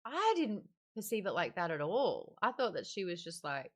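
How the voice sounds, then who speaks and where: A woman hosting a casual book club discussion, chatty and animated, laughing often. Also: lowish voice, normal speed.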